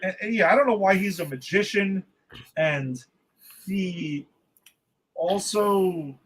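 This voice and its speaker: A man with a slightly raised pitch co-hosts a casual movie review podcast. He sounds exasperated and swears often. He rambles, restarting his sentences as he goes. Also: slow, a bit bright, slightly rough, rough recording. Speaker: podcast co-host.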